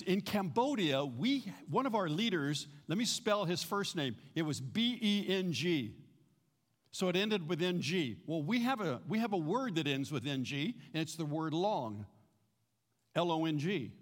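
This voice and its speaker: A man's voice: fairly high pitch, big-room sound. A middle-aged man from the United States giving a practical church teaching, plain-spoken and prone to repeating words as he restarts. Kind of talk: sermon-style teaching.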